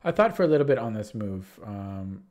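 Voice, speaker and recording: Though he's sick with a sore throat, this man sounds very animated, speaking at normal speed in a lowish voice with a darkish tone. He casually recaps his chess games on a livestream, rambling and restarting sentences while retelling them.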